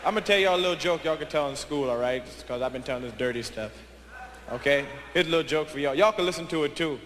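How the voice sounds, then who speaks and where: A male stand-up comedian talking loudly and crudely straight to the crowd on a club stage. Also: a little high, quick pace. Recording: echoey live venue with crowd noise.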